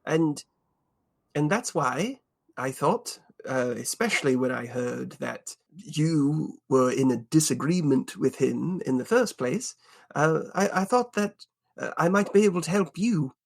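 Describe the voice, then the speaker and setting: Casting: a player doing an eager, fussy male adventurer, animated voice, talks around in circles. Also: mid-range voice, unhurried, gravelly. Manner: flustered, rambling, chatty.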